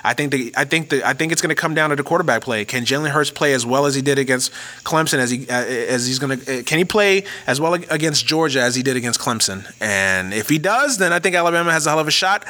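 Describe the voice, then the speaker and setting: A man's voice: medium pitch, fast, bright, forceful tone. A man hosting a sports podcast, ranting casually with lots of cursing and stuttered restarts. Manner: profane, ranting, many restarts. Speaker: podcast host.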